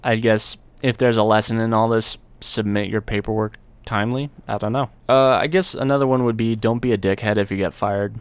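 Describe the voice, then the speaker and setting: A man's voice: fairly low pitch, fairly even intonation, a little fast, hardly any pauses, clear, resonant tone, no room sound. A young adult man telling a story from his own life in a casual, laid-back way, with slang and the odd swear word.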